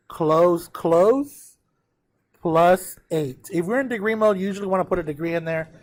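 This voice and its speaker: On the high side, this male math teacher works through a graph step by step, counting aloud and speaking directly to his students.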